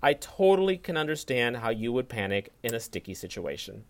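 This is a man co-hosting a podcast who delivers a prepared fact-check segment. He teases and needles his friends with sarcasm. His pitch moves around a lot as he reads. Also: sing-song, brisk. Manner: teasing, sarcastic. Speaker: podcast co-host.

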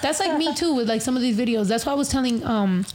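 A woman's voice: on the high side, lively intonation, darkish tone, a little hiss or hum. Rambling, swearing woman podcaster. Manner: rambling, swears freely, fast, fillers like "like". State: tipsy from beer. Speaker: podcast host. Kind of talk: casual podcast chat.

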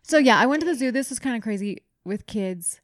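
A young woman and mother co-hosting a podcast, telling a funny story in an animated way, swearing casually. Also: fairly high pitch, a little fast, no echo, clean studio sound. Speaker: podcast co-host. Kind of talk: casual chat.

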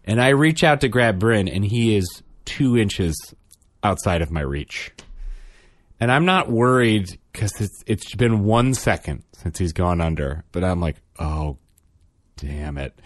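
A father in his thirties spins a self-deprecating family story, his low voice rising and falling in animated swings as he acts out each quote. The sound is close and dry, with no room echo. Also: a little slow. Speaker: podcast co-host, father. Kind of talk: casual storytelling chat.

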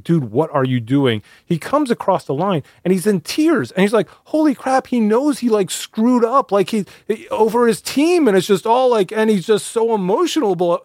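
A man's voice: no room sound, studio quality. A man co-hosting a casual chat, telling a story with lots of energy and jumping into other people's voices when he quotes them. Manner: animated storytelling, acts out quotes with raised pitch. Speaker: podcast co-host.

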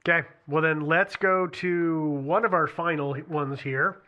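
A man's voice: on the high side, measured pace, muffled recording. A man co-hosting a casual talk show, leading the storytelling in a conversational way. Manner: conversational, leads the storytelling with frequent restarts. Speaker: podcast co-host. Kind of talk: casual true-crime chat.

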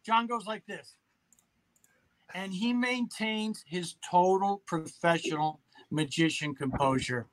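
A middle-aged man in casual chat, an animated storyteller who acts out quotes. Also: high voice, takes it slowly, slight background noise.

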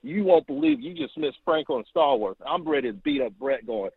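A man calling in to tell a long story, animated and acting out quotes, heard over the phone. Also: a little fast, creaky, husky, dry recording. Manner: animated, acts out quotes with rising pitch. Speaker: caller. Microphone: telephone. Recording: tinny phone line.

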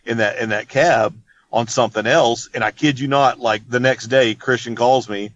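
A man's voice: medium pitch, fairly even intonation, moderate pace, a bit bright, lo-fi sound. A man telling a long story in casual chat, rambling and laid-back, full of "dude" and "you know what I mean.". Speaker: podcast guest.

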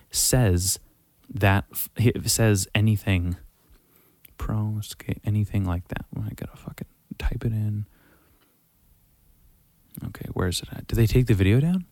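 A man hosting a podcast, ranting in a heated, profane and sarcastic way, swinging from loud outbursts to muttering. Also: lowish voice, dry recording, clean studio sound. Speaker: podcast host. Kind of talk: casual profane rant.

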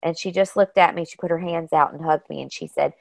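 A woman guest telling personal stories in a casual, animated way, often saying "you know" and "like". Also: sits low, fast, gravelly, no echo. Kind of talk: casual storytelling.

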